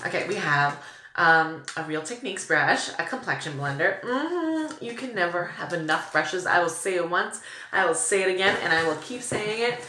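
A woman's voice: fairly low pitch, moderate pace, bright, forceful tone, roomy sound. A young woman vlogging a makeup unboxing, gushing with breathless exclamations and valley-girl fillers. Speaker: beauty vlogger. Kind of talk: excited unboxing chat.

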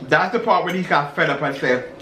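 A man's voice: a little high, brisk, sharp tone. A man hosting a casual mukbang chat and running a guessing game, playful and teasing. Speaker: host. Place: indoors at a dining table. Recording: roomy room, faint noise.

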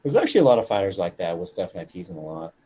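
Guest fighter, male, casual podcast storyteller; mellow tone, swears constantly, acts out voices. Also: low-pitched, racing, breathy edge. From Colorado. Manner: profane, animated storyteller acting out quotes.

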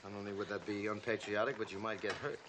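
A man's voice: lowish voice, fairly even intonation, quick pace, background noise, lightly acted. An actor playing a cocky, wisecracking tough-guy man in a 1960s Hollywood film, talking in a sarcastic, needling way. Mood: cool.

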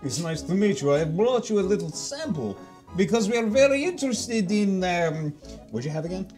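A man voicing a formal trade envoy who smiths goo, speaking haltingly with many fillers in an improvised comedy scene. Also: high-pitched, big pitch swings, a little mellow, faint music behind. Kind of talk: improv comedy role-play.

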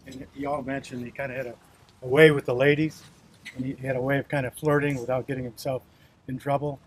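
A man's voice: mid-range voice, level tone, brisk, slightly rough. A man sharing an amused anecdote at a memorial in a church. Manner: amused, storytelling. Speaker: mourner sharing a story.

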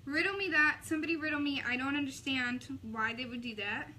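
A young woman talks through a makeup tutorial in a chatty, sassy way, full of quick asides. Her voice sits high and sounds bright and a little sharp, with faint ambient hiss behind her. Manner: chatty, sassy, animated retelling. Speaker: makeup vlogger. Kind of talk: casual makeup tutorial chat.

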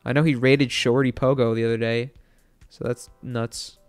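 A young man telling a story to his stream chat, excitable and rambling, with lots of fillers and swearing. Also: mid-range voice, normal speed, clear, resonant tone, soft background music.

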